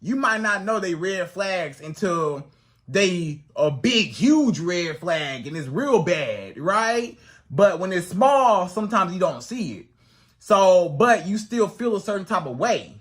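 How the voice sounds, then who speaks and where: A man's voice: sits high, bright, forceful tone. A man giving dating advice straight to the audience in an emphatic, repetitive way. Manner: emphatic, repetitive, acts out quoted women's voices. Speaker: dating coach. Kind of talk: direct-to-camera advice monologue.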